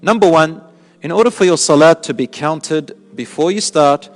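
A man's voice: a little high, normal speed. Man teaching in a reverberant mosque. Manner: explanatory, asks the audience questions. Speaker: religious teacher. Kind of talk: mosque lesson on prayer. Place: mosque hall.

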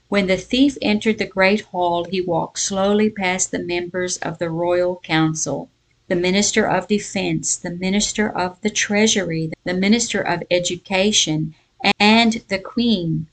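A woman giving a devotional Bible lesson and reading a folk tale aloud in a measured storytelling voice. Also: mid-range voice. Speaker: Bible teacher.

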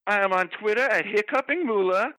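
A man pitches his voice high and brisk with a sharp edge to play a bawdy, flustered elderly Southern belle. She hiccups and gasps between phrases while spilling scandalous gossip in this comic sketch. The recording is rough and dry, with no room sound.

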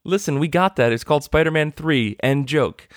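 A man's voice: fairly high pitch, moderate pace, no echo, studio quality. A man hosting a casual podcast chat, rambling with lots of restarts and fillers. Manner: rambling, heavy use of "like" and restarts. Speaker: podcast host.

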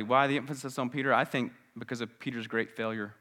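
A male pastor giving a sermon in a church, swinging from biting sarcasm to hushed, earnest appeals. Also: mid-range voice, fairly even intonation, fast, hardly any pauses. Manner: sarcastic, then dramatic with wide swings between loud and hushed.

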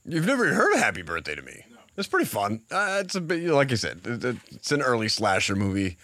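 A man's voice: mid-range voice, huge pitch swings, quick pace, bright, forceful tone, no echo, clean studio sound. A man hosting a podcast, chatting casually and rambling with lots of fillers. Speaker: podcast host. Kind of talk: casual chat.

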